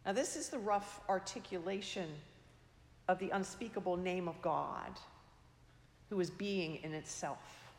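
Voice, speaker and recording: Woman preacher, slow measured sermon, soft trailing endings, echoey hall with long reverb. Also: fairly low pitch.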